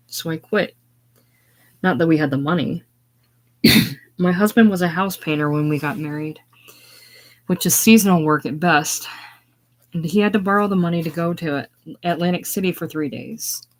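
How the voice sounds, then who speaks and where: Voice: medium pitch, natural voice. Chatty old widow seamstress going on about the old days, read out by a reader doing the voices. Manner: earnest, talkative, chatty reminiscing. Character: widowed older woman, anxious seamstress.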